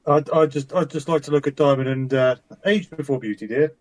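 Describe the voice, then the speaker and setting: A man's voice: on the high side, fairly even intonation, brisk, no echo. A man playing a tabletop game who speaks in a mannered, old-fashioned way.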